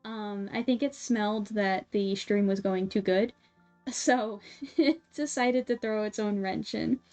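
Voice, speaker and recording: A woman streamer casually telling a story to her chat, animated and full of fillers, with little laughs. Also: medium pitch, a little slow. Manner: animated, filler-heavy, giggly. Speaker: livestream host. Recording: slightly dull sound, faint music behind.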